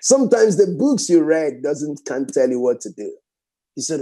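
A man preaching a sermon fervently, repeating phrases and swinging from raised exclamations to hushed prayer. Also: a little high, very animated, normal speed.

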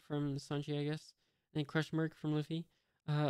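A man reads a comic aloud at a slow, halting pace, with many fillers. His voice is clear and crisp. The recording is dry and close. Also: on the high side, monotone, darkish tone, dry recording. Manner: hesitant, many fillers, reads out sound effects. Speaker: manga reader. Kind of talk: casual reading of a comic aloud.

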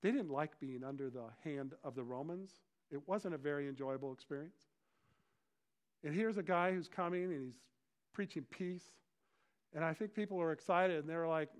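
A middle-aged male pastor preaching a sermon in an animated way, often acting out the voices of crowds and disciples. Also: a little high, normal speed.

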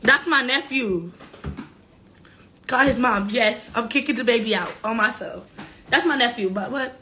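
A woman's voice: fairly high pitch, measured pace, bright, forceful tone. Blunt, profane woman on a noisy phone stream. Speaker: livestreamer. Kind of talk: casual live stream chat.

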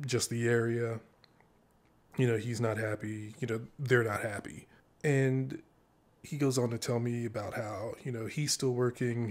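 A man vlogging, casually recounting a story with many "you know" fillers and lively, animated quoted dialogue. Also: medium pitch. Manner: conversational, heavy "you know" fillers, animated when quoting others.

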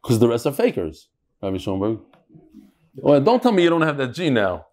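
A man giving a live Talmud lecture to a study hall, lively and joking, freely mixing in Hebrew and Aramaic terms. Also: mid-range voice, moderate pace. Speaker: Talmud class teacher.

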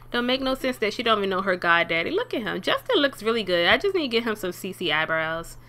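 Chatty young woman narrating a game. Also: a little fast. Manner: chatty, talks to the game characters, bursts of excited high pitch. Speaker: let's play gamer. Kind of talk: casual gameplay commentary.

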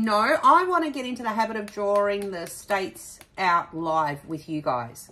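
A woman's voice: mid-range voice, lively intonation, unhurried, few pauses, fairly bright tone, faint music behind. A chatty Australian woman vlogging from home about her craft project, bubbly and a little out of breath. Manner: chatty, bubbly, talks to her pet between remarks. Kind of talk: casual chat to camera.

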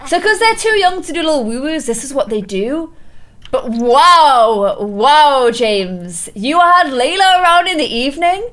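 High, lively excitable woman gamer. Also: a little slow. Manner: excitable, frequent gasps, playful exclamations. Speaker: video game streamer. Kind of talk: gameplay commentary.

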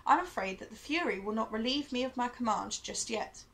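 A woman reading the part of a stern, weary father, speaking in a measured, grave way. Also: fairly high pitch, lively intonation, a bit bright, rough recording.

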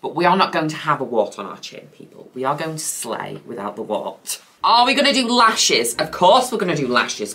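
Woman, makeup vlogger, camp and chatty, very lively delivery. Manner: chatty, camp and playful, drops a flat low "people" at line ends. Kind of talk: casual makeup tutorial chat.

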